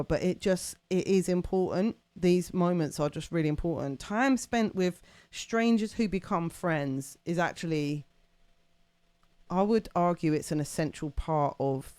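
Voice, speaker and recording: A woman's voice: fairly low pitch, mellow, no echo. A woman hosting a live stream, chatting casually and rambling with lots of fillers and laughter. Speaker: livestream host.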